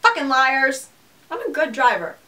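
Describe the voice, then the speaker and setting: Young woman, podcast co-host, lively sweary storyteller, a touch high, distant mic. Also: moderate pace. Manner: animated, swearing, lots of "like". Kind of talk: casual storytelling chat.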